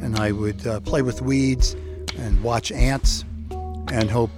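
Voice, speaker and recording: Slow-telling older man. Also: mid-range voice, fairly even intonation, music in the background. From San Francisco, United States. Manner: slow, reflective, with fillers and restarts. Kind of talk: personal storytelling.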